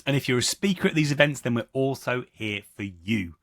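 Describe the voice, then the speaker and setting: A man's voice: mid-range voice, lively intonation, brisk, a bit bright, no echo, clean studio sound. A man co-hosting a podcast, reading the intro in a light, good-humoured way. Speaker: podcast co-host.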